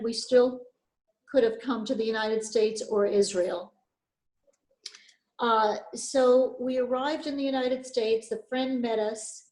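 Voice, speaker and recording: A woman's voice: on the high side, warm tone. Give me an emphatic older woman telling her story in an echoey room. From Poland. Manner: earnest, emphatic, repeats key phrases. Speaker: Holocaust survivor speaker. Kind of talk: personal testimony talk.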